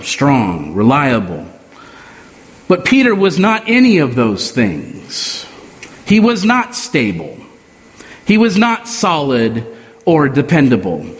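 Male preacher, slow and deliberate sermon delivery, slightly high voice, reverberant hall.

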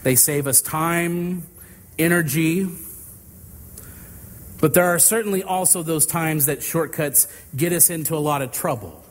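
A man preaching a sermon, telling an illustrative story in a deliberate, drawn-out way. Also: fairly high pitch, long reverb tail. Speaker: pastor.

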